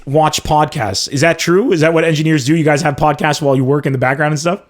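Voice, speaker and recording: An excitable man hosting a livestreamed comedy podcast. His voice sits fairly high for a man. He chats loosely with callers and viewers, laughs often and reads comments out as he goes. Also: fast talker. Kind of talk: casual livestream chat with callers and chat.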